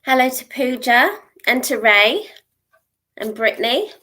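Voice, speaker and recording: A middle-aged woman hosting a live psychic reading, talking in a reassuring way and often checking in with a quick "okay?". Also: a little high, expressive, pushed and bright. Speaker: psychic reader.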